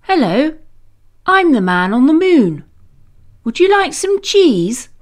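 A woman's voice: high voice, big pitch swings, slow, voice pushed up, full character voice. A woman voicing a friendly, cheerful man on the moon with a welcoming, sing-song way of talking. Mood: cheery.

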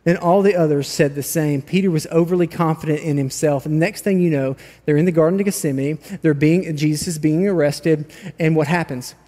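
A man's voice: fairly high pitch, steady tone, fairly quick, dark tone, in a large hall. A man preaching a sermon, telling a story with animation and reading scripture aloud. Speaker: pastor. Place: large church hall.

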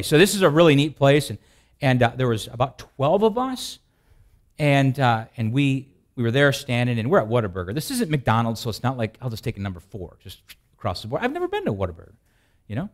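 A man's voice: mid-range voice, big pitch swings, fast talker. A male pastor from the Midwest preaching a sermon in a folksy way, telling stories with jokes and asides. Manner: folksy, joking storyteller with asides and restarts.

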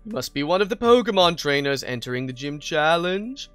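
An American man reading a polite innkeeper's game dialogue aloud in a slow, formal way. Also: a little high, sing-song, a bit bright, clean tone, no echo, soft background music. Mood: courteous.

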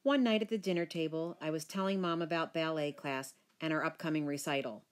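A woman reading a children's book aloud, narrating in the first person with lively expression. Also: low voice, moderate pace, hardly any pauses. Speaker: storyteller.

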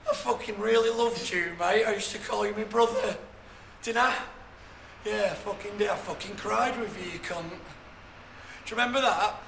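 Young man, distraught and sweary, high bright voice, roomy room sound;. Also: moderate pace, creaky. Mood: anguished. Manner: sweary, pleading and shouting in distress. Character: heartbroken young man raging at his friends. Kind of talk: television drama acting. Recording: roomy with background noise.

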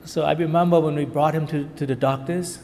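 Male preacher, slightly high voice, halting and emotional, church hall echo. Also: fairly even intonation, a little mellow. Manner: emotional, halting, repeats words. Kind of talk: sermon with live interpretation.

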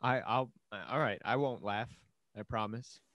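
A man from Queens, New York co-hosts a podcast, chatting casually and teasing his co-host, and he gets heated defending his team. He speaks unhurriedly in a steady, medium-pitched voice, in a dry recording with the highs cut off.

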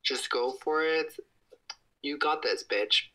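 Taking it slowly, a young man livestreams from his home kitchen, phone stretched out at arm's length, over low-quality audio. He's casual but excitable, gushing and bursting into high-pitched squeals.

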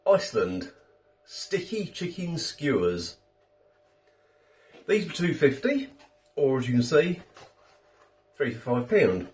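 A middle-aged British man chats his way through a food review in a rambling, self-deprecating manner. His fairly high voice bounces around a lot in pitch. He sits a little back from the mic. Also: sing-song, slow pace, long pauses, a little mellow, far from the mic. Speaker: food reviewer, channel host. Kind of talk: casual chat food review.

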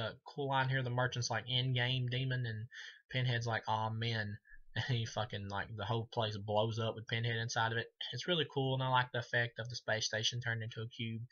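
A man's voice: medium pitch, fairly bright tone, highs cut off. A man giving a casual, profane movie review, rambling with many fillers and laughing at his own jokes. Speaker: film reviewer.

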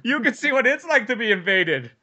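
A man's voice: very high voice, big pitch swings, brisk, pushed and bright. A man joking around as a podcast guest, playful and profane. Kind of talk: casual comedic banter.

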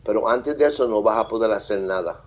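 A man live streaming, reading viewer comments aloud and thanking them in a halting, friendly way. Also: lowish voice, rough recording. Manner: halting, with many fillers and restarts. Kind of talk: casual live-stream chat.

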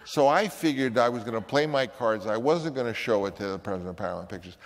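An older man, a filmmaker, telling an animated story in an interview and acting out the people in it. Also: medium pitch, quick pace. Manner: animated storyteller who acts out other people's voices. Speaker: filmmaker recalling a casting story. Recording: long reverb.

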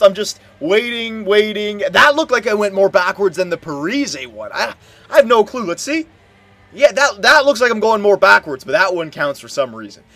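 A young man giving casual commentary while playing a hockey video game, muttering one moment and yelling in frustration the next. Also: sits high, dry recording. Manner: excitable, swings from muttering to loud outbursts. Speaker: gameplay commentator.

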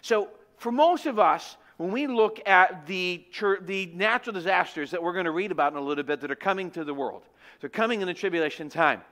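A man preaching a sermon in church, telling a personal story in an animated, joking, conversational way. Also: high voice, fairly quick.

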